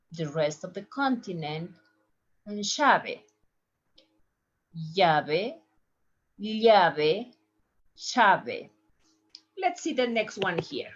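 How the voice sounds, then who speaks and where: A woman with a Spanish accent teaching Spanish, slowly and patiently repeating each word in several pronunciations, in slightly broken English. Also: mid-range voice, lo-fi sound. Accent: Spanish-speaking. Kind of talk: slow language lesson with repeated pronunciation drills.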